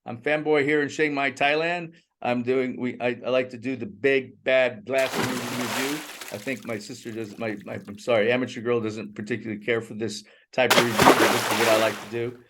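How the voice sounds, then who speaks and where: Halting man co-hosting a film chat. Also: medium pitch, steady tone, a bit bright, a little hiss or hum. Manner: halting, restarts and self-corrections. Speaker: co-host. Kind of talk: casual film review chat.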